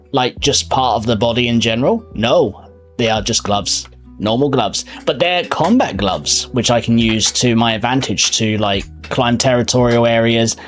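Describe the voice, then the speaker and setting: A male streamer talks casually to his viewers, his mid-pitched voice bouncing up and down with lively swings. He is chatty and quick to laugh. Soft music plays faintly underneath. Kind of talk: casual live-stream chat.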